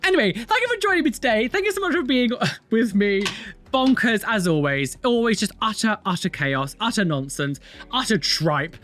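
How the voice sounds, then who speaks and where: A man's voice: high voice, sing-song, normal speed, a bit bright, soft background music. A young man casually reacting to tattoo videos, opinionated, chatty and self-mocking.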